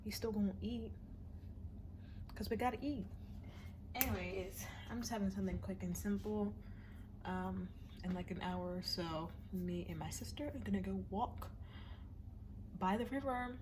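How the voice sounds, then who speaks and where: A woman's voice: mid-range voice, normal speed, pauses often, noisy background. Chatty young woman vlogging on her phone. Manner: chatty, playful, self-teasing, drops into whispers. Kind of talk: casual vlog chat.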